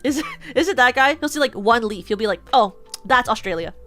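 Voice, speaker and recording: A young VTuber with a West Coast American accent chats casually on stream in a high, sharp-toned voice at a fairly quick pace, with faint music in the background. Her talk rambles, packed with fillers and restarts.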